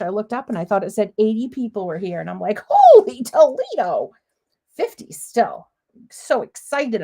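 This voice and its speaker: A woman's voice: fairly high pitch, a little mellow. A middle-aged woman demonstrating papercrafts live from her home craft room, talking in a chatty, bubbly way, a little sniffly with a cough.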